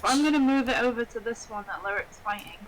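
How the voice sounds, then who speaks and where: A woman's voice: a little high, animated, fast talker, a little hiss or hum, poor audio. A woman playing in a tabletop game, eagerly asking the game master how the rules work. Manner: eager, asks rules questions. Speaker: player. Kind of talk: casual tabletop game chat.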